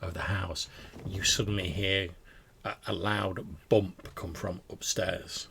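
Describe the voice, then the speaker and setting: A man's voice: low voice, flat delivery, takes it slowly, vocal fry, bright, forceful tone, a little hiss or hum. A man narrating a tabletop game as game master, describing scenes with frequent restarts.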